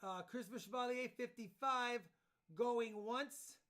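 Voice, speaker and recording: Man, auctioneer, easygoing, plainspoken, very high bright voice. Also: unhurried. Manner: easygoing, plainspoken lot descriptions. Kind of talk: live online coin auction.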